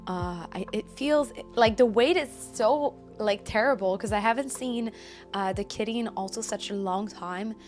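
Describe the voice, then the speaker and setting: A woman's voice: medium pitch, moderate pace, a little mellow. A woman game streamer chatting live with her viewers, bubbly and effusive as she greets them. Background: background music.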